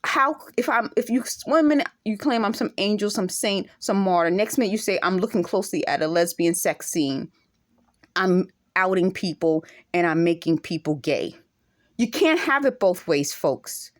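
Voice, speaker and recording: In a mid-range, expressive voice and at a moderate pace, an accented woman vlogs indignantly to the camera, pressing her point through emphatic rhetorical questions.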